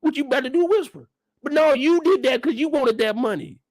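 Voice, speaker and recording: High-voiced young guy going off about a tv show, swoops all over, cussing a lot. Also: brisk, no room sound. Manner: loud, animated, profane ranting with big pitch swings. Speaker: channel host reacting to a TV episode. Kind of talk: casual reaction commentary.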